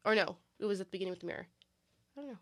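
A young woman talks fast in a casual, rambling co-host chat, and she pokes fun at herself as she goes. Her voice sits close and dry, with no room sound around it. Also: medium pitch, lively intonation, no room sound. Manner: chatty, rambling, self-deprecating.

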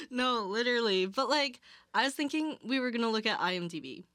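A woman's voice: on the high side, animated, moderate pace, fairly bright tone, dry recording, studio quality. A young woman co-hosting a casual chat, curious and full of hesitant fillers as she asks questions. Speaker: co-host.

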